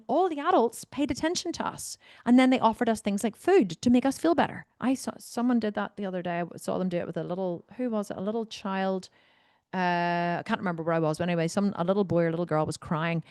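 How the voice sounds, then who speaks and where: A woman's voice: mid-range voice, darkish tone, dry recording, studio quality. A woman, talking bluntly and emphatically as a fitness coach on her solo podcast, swearing freely.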